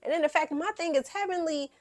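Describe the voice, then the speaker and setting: Woman ranting about a reality show, swears a lot, super animated. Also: very high voice, quick pace. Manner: blunt, profane, animated. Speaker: reality TV recap host. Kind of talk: casual opinionated recap.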